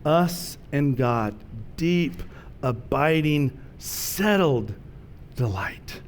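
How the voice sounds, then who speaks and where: Middle-aged man, pastor, relaxed storytelling sermon with slow emphatic phrases; slightly high voice, light background rumble.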